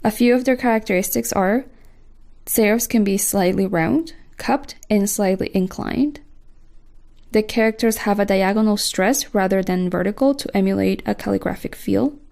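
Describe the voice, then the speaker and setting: A woman reads a design lesson in a measured, even way. Her voice is mellow and dark, with some fry at the ends of her phrases. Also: mid-range voice. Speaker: course instructor. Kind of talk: scripted instructional narration.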